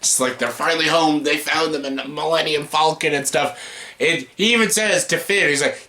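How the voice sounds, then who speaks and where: A man hosting a casual movie chat, excitable, swearing freely and laughing often. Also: on the high side, normal speed, a little hiss or hum. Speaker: YouTube host.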